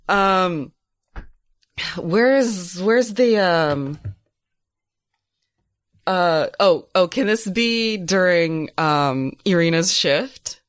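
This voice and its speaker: A woman player in a tabletop game, speaking slowly in a fairly low voice. Her talk halts with fillers and laughs, and the sound is close and dry. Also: lively intonation, no room sound. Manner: halting, many fillers, laughing.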